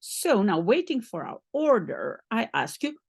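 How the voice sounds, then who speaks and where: A Belgian woman with a Dutch first language teaches French to a beginner, speaking slowly and patiently and repeating each phrase. Her voice sits fairly high and swings widely in pitch. The sound is close and dry, with no room in it. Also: sing-song, gravelly, husky, dry recording.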